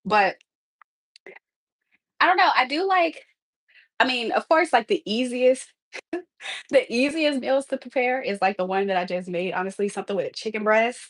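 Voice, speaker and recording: A woman's voice: on the high side, lively intonation, normal speed, pauses often, dry recording, poor audio. A woman hosting a casual livestream from her home kitchen, chatting to viewers while she tidies up, laughing often. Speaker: livestream host.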